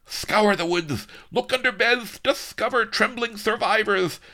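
A man's voice: lowish voice, animated, a little slow, gravelly, pitched above the performer's own voice. A man voicing a huge, armored, paranoid viceroy villain who blares orders and turns oily and lisping, with a flavor. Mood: furious. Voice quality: blaring, then lisping and oily.

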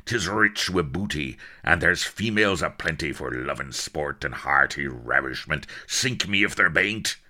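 A man voicing a bellowing, brutish male pirate captain in rough old dialect. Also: extremely low pitch, animated, measured pace, few pauses, sharp tone, heavily acted. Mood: bloodthirsty roar.

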